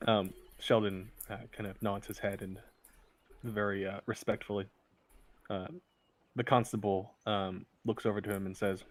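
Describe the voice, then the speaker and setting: A man narrating as game master for a tabletop game, halting with many fillers. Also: fairly low pitch, little pitch movement.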